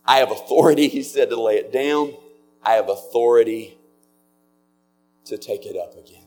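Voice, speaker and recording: A man preaching a sermon as a pastor, earnest and slowing down on key words. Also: mid-range voice, a little mellow, soft background music.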